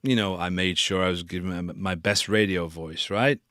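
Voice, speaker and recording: A man's voice: sits low, moderate pace, pushed and bright, no room sound, clean studio sound. A man hosting a casual live stream tutorial on sound design and joking about himself as he works. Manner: casual, self-deprecating.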